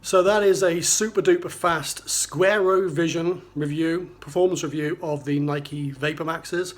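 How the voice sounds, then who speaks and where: A man's voice: on the high side, fairly even intonation, a little slow. A man with a slight Geordie accent giving a casual, chatty review of a running shoe, full of fillers and restarts. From North East England. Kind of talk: casual spoken product review. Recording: roomy echo.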